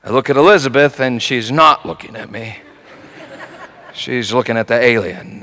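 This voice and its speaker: A man preaching a sermon through a personal story, told in an animated way that swings from hushed and soft to shouting. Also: mid-range voice, moderate pace, in a large hall, slight background noise.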